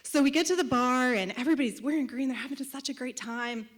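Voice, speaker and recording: High-voiced woman telling a comic story. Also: fast talker. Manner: animated, comic timing, punchy asides. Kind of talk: live storytelling performance. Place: live show stage.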